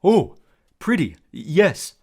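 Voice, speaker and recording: A man voicing a big, simple-hearted young male cyclops who talks slowly in childlike broken grammar. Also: on the high side, sing-song, gravelly, warm tone, breathy edge, voice pushed up, heavily acted. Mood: innocent.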